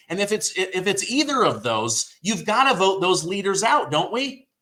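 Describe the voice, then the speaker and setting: Male talk host, bright tense tone, indignant and emphatic. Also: sits high, big pitch swings, moderate pace. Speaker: show host. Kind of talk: casual political chat.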